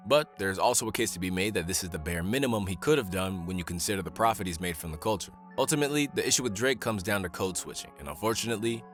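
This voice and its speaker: A man narrating a scripted commentary in a brisk, measured, argumentative way. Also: fairly low pitch, fairly bright tone. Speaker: channel narrator.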